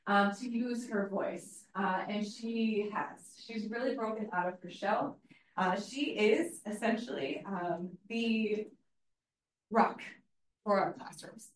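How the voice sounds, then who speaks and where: A woman's voice: medium pitch, takes it slowly, a little hiss or hum. A woman teacher giving an earnest, story-driven public speech, with frequent fillers. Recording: echoey hall from far off.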